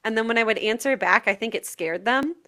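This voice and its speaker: A woman's voice: on the high side, brisk, sharp tone. A young woman co-hosting a casual podcast chat, joking about herself in a playful way and laughing often. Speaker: podcast co-host.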